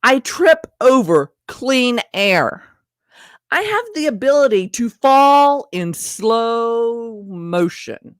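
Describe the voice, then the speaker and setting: A woman's voice: on the high side, very animated, takes it slowly, dry recording, studio quality. A woman vlogger telling a personal story in a chatty, self-deprecating way, speaking straight to her viewers. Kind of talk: casual storytelling to camera.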